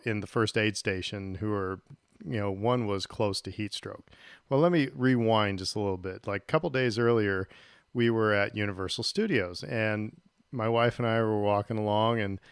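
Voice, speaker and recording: Gravelly man telling a rambling story. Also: lowish voice, dry recording, studio quality. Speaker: podcast co-host. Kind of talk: casual chat, telling an anecdote.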